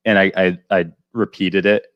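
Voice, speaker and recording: A man's voice: sits low, little pitch movement, moderate pace, lo-fi sound, slight background noise. A man co-hosting a casual podcast, telling rambling stories and dry puns. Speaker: podcast co-host. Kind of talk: casual chat.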